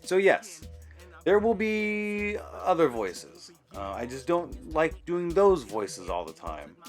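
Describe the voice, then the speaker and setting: A man's voice: fairly high pitch, very animated, takes it slowly, faint music behind. Rambling man giving a casual channel update. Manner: rambling, full of fillers and self-corrections. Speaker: YouTube channel host.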